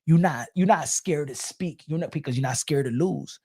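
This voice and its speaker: A man hosting casual livestream boxing commentary, talking in an animated and emphatic way. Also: on the high side, moderate pace, slightly rough, dry recording, studio quality.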